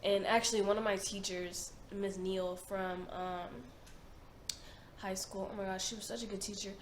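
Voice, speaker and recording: A woman in her twenties hosts a reaction video, chatting casually in an emphatic, slangy way and often repeating herself. Her mid-range voice keeps a level tone at normal speed. The recording has a roomy echo and faint noise.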